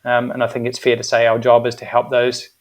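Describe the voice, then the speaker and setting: A middle-aged man with a New Zealand accent, a guest in a casual interview, speaking in an even, measured way with frequent ums. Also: mid-range voice. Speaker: guest, agency managing director.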